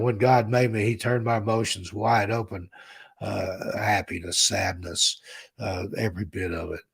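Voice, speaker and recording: Southern man, fifties, low husky gravelly voice, rambling live-stream host chatting with viewers. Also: normal speed. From American South. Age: 50s. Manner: rambling, heartfelt, reads chat names aloud. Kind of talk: casual live-stream chat.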